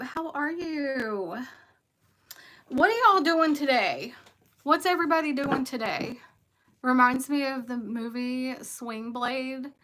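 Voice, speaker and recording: A woman's voice: high voice, bright, forceful tone, a little hiss or hum, rough recording. A woman with a West Virginia accent, a tarot reader chatting casually on a livestream, rambling and greeting commenters by name.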